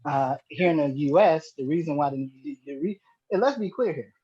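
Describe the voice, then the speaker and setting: A man with a slightly high voice reels off figures in halting stops and restarts. His audio comes through dull and lo-fi, like a remote call. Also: lively intonation, warm tone, slightly rough. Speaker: panelist. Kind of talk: casual group chat.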